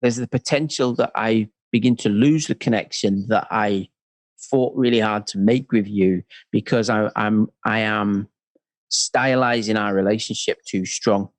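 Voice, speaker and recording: A man's voice: fairly low pitch, measured pace, no room sound. A worship leader and church pastor, a man, talking in a conversational interview and acting out the people he quotes. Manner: animated storyteller, acts out quotes.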